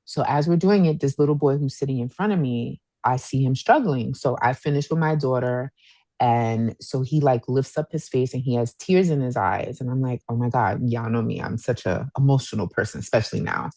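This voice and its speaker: A woman in her thirties co-hosting a podcast, telling a story in a casual, animated way and acting out what people said. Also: rumbling low, brisk, no room sound. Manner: animated storyteller, acts out quotes, says "y'all". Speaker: podcast co-host.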